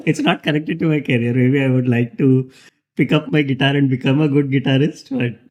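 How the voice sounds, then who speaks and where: A man's voice: mid-range voice, normal speed, darkish tone. A man, a podcast guest chatting casually, hesitant and laughing often. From India. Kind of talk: casual chat.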